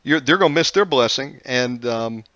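A man's voice: mid-range voice, lively intonation, normal speed, fairly bright tone, no echo, dull audio. A man hosting a Christian talk show, telling a family story casually with many fillers and restarts. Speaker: show host.

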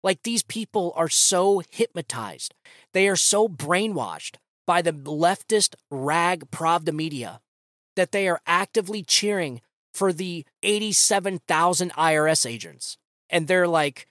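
A man's voice: sits high, expressive, moderate pace, a bit bright, dry recording, clean studio sound. A man hosting a political commentary podcast, ranting in a sarcastic, casual way with slang. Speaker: podcast host.

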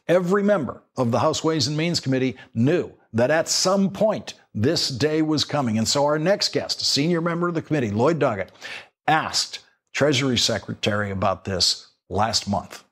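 A man's voice: mid-range voice, animated, normal speed, a bit bright, husky. A man hosting a cable news show, explaining a law and questioning a guest, with restarts when he asks questions. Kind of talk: cable news monologue and interview.

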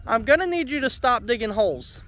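A man's voice: very high voice, sing-song, fairly quick, a bit bright. Chatty man talking to his farm animals. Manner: chatty, scolds and coaxes animals by name. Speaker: homestead vlogger. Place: outdoors on a farm.

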